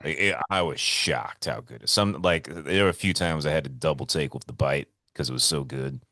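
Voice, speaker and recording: A bass-voiced man co-hosts a podcast via remote call, telling stories in a laid-back, casual chat peppered with swearing. His delivery is pushed and bright at a normal speed, and the studio-quality audio has no echo.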